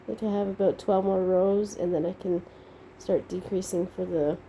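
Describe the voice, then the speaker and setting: A middle-aged woman talking to her viewers in a casual, rambling diary-style vlog, unhurried and thankful. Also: medium pitch, steady tone, mellow, slight background noise, low-quality recording. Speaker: vlogger.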